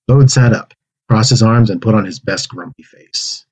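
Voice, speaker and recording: A man with a low, husky voice reads a children's story aloud. He performs the dialogue and animal noises with lively storybook expression, husky texture throughout. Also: unhurried, low-quality recording. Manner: acts out pig oinks and character lines. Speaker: narrator reading a manuscript aloud.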